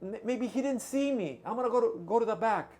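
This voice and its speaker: A man voicing an elderly peasant mother who shouts cheers at the top of her lungs. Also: extremely high pitch, lively intonation, a little fast, pitched above the performer's own voice. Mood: hopeful.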